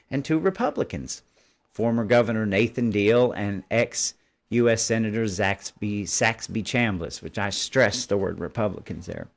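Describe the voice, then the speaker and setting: A man hosting a live commentary show, reading news articles aloud and breaking off to scoff at them with combative asides. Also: lowish voice. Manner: combative, dismissive, stops to editorialize. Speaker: host.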